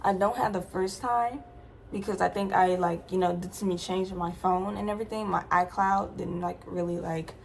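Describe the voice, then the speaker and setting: A woman's voice: lowish voice, fairly even intonation, normal speed, creaky, slight background noise. A young adult woman vlogger telling a personal story in a casual, slangy, emphatic way, with many asides to her viewers.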